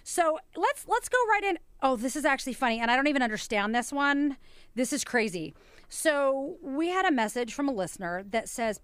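A woman hosting a radio show in bubbly, animated, joking casual chat. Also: high-pitched, normal speed, no room sound. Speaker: radio host.

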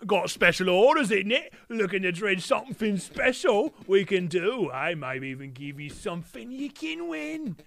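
A man's voice: sits high, big pitch swings, normal speed, gravelly, hardly any pauses, sharp tone, no echo, voice pushed up, heavily acted. A man voicing a cheeky male robot barkeep with a London-style swagger. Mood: cocky. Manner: brash, swaggering street talk.

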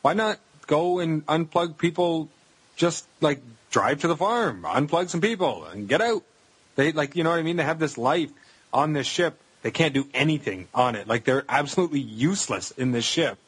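A man's voice: fairly high pitch, animated, moderate pace, slightly rough, low-quality recording. A man in a casual podcast chat, puzzling over a movie's logic.

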